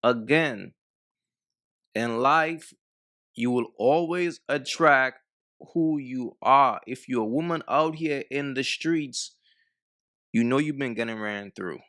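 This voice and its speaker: A man's voice: medium pitch, slow, sharp tone. A man hosting a reaction channel, giving blunt, mocking commentary on a clip and talking straight to his viewers. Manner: blunt, mocking, talks to the fellas.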